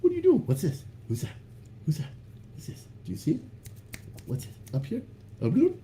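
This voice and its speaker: A bewildered young male dog with a squeaky, sky-high baby-talk voice that leaps all over the place, as a man puts him on. He yelps out quick little questions, wide-eyed and puzzled. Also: wildly swooping pitch, dark tone, a little hiss or hum. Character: confused excited pet dog, young male.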